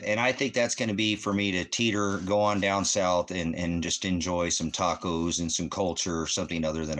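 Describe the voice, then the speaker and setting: Deep-voiced man, 50s, American, profane rambling rant. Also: fairly bright tone. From United States. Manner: profane, ranting, loose and rambling. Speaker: channel host. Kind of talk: casual rambling monologue. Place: at home.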